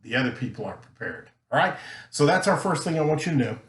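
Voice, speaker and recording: A man teaching a recorded lesson, talking earnestly and emphatically, deliberately slowing his delivery. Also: fairly high pitch, very animated. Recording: roomy echo.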